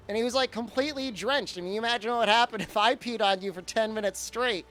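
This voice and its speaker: A man's voice: very high-pitched, expressive, fast, hardly any pauses, bright, forceful tone, soft background music. A man streaming a game and chatting casually, telling a rambling story full of fillers and restarts. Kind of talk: casual chat during a live game stream.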